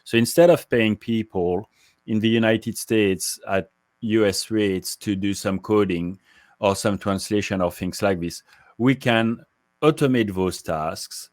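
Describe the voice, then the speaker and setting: A man answering interview questions on a podcast in a measured, articulate, explanatory way. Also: on the low side, no echo, clean studio sound. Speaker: guest, market research executive.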